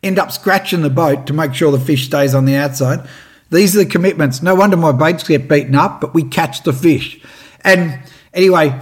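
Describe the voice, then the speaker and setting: An Australian man telling a lively fishing story and giving tips, acting out what others said. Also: on the high side, normal speed. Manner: animated, acts out what others said. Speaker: fishing presenter.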